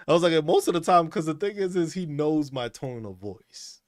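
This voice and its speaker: A man's voice: on the high side, expressive, brisk, hardly any pauses, no echo, clean studio sound. A man hosting a casual chat stream, talking in a laid-back, profane way and laughing often. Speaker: streamer host.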